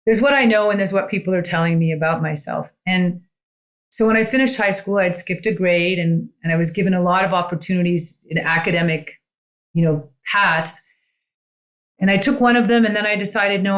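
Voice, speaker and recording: A woman guest on a podcast, a coach, telling her story in an earnest, reflective way with frequent "you know" asides. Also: fairly low pitch. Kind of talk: conversational storytelling.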